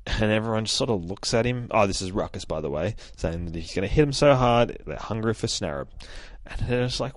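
A man's voice: fairly low pitch, normal speed, dry recording. Profane man recapping a comic. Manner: animated, profane, laughs at himself. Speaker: podcast host. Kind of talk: casual comic book recap.

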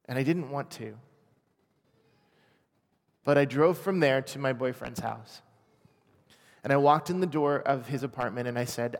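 A man in his forties from Washington state, sharing a personal testimony in an earnest, quiet, emotional way. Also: mid-range voice, creaky. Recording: long hall reverb.

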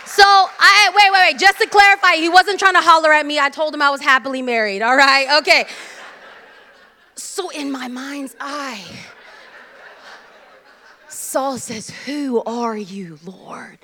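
A woman preaching a sermon as a guest speaker, animated and joking as she tells stories. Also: sits high, moderate pace, some chatter behind, slight background noise.

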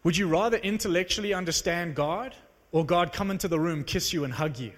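A man preaching to a live audience, telling a story in an animated, conversational, self-mocking way. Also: high-pitched, brisk. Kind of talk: sermon storytelling. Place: large hall with live audience. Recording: long reverb of a large hall.

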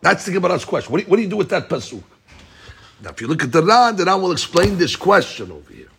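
A man's voice: high-pitched, very animated, quick pace, creaky, a bit bright, slight background noise. A man teaching a Talmud class, explaining a passage to students emphatically and repeating his points as he goes.

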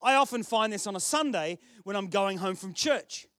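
Male pastor, Australian accent, very high voice, story-driven sermon with self-mocking jokes. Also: lively intonation, moderate pace, a bit bright, no echo. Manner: chatty storytelling with self-deprecating humour.

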